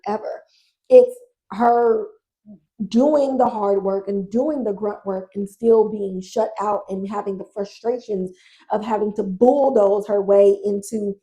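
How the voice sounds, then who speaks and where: A woman hosting a podcast, recapping a TV drama in a casual, blunt, animated way with slang and swearing. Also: medium pitch, poor audio. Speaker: podcast host.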